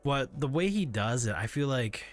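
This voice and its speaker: A man's voice: mid-range voice, expressive, moderate pace, faint music behind. A man hosting a livestream in casual chat, rambling and hesitant with frequent restarts. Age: adult parent. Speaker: livestream host.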